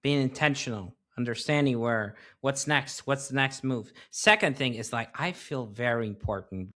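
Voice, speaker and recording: Man, podcast host, bright tense timbre, middle pitch, playful banter. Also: moderate pace. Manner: playful, joking. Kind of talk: casual interview chat.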